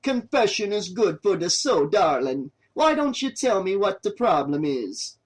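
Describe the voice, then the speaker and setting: A man's voice: high-pitched, big pitch swings, measured pace, pitched above the performer's own voice, heavily acted. A man voicing a laid-back stoner cameraman who puts on an overdone mock Jamaican accent and teases lazily. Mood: teasing. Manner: lazy, teasing, says "darling".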